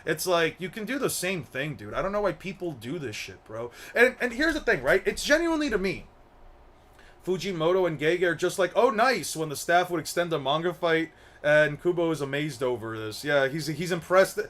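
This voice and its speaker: He's a young man fronting an anime commentary channel, his voice on the high side and a little bright, speaking at a normal pace but with plenty of animation. The clip is a casual opinion rant full of rambling, repeated words and swearing.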